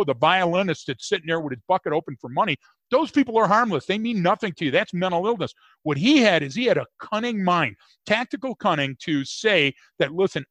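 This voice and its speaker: Higher-voiced joking male podcast host. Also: dry recording. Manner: animated, joking, rambling with repeated restarts. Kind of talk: casual conversational podcast.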